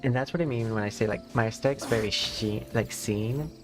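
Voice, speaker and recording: A streamer, a man, rambling through casual chat with a slight lisp and lots of "like"s. His voice sits at an ordinary middle pitch. Quiet music plays faintly behind him. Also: fairly even intonation, racing. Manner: rambling, filler-heavy, chatty.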